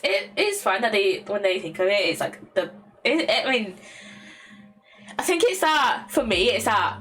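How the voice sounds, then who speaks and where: A young English woman chats loosely on her live stream, looping back on herself with fillers and repeated phrases. She laughs often and swears casually. Soft lo-fi music plays faintly behind her. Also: mid-range voice. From England.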